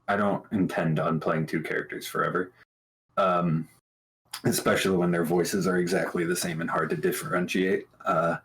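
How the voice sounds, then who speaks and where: A man talking casually about his tabletop game character, thoughtful and halting, with many restarts. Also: low voice, expressive, vocal fry, a bit bright, a little hiss or hum, rough recording. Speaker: tabletop game player on a talk show.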